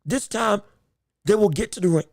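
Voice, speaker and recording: This boxing podcast host has a high voice and speaks at a moderate pace, recorded in studio quality with no room sound. His delivery is emphatic and repetitive, full of stumbling restarts.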